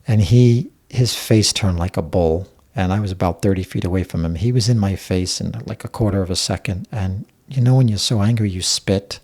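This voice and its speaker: A man's voice: deep voice, brisk, hardly any pauses, darkish tone. A man as a guest, recounting a painful family memory in a blunt, raw way, swearing freely. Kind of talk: personal storytelling in conversation.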